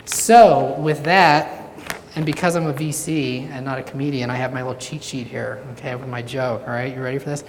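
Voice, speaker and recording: A woman's voice: extremely low pitch, fairly even intonation, moderate pace. A woman speaking as a venture capitalist, giving a joking talk that keeps drawing in her audience. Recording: reverberant hall, faint noise.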